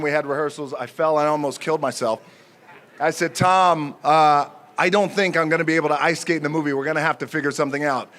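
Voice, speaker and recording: A man in his forties giving an unscripted acceptance speech at an outdoor ceremony, joking and pausing often with fillers. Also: a little high, a bit bright. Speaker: speaker at an outdoor honor ceremony.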